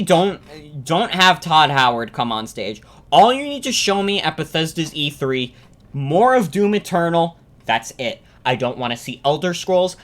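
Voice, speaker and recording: Brief: foul-mouthed live streamer, mid-pitched voice, loose rambling rant about video games. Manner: profane, ranting, repeats themselves. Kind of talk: casual live-stream reaction chat.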